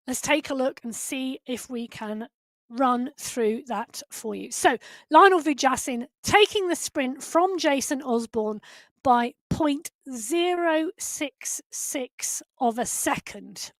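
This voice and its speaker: A woman commentating a live race, excitable and quick, building to rapid calls at the finish. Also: sits high, dry recording. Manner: excitable, rising to fast shouts at the finish.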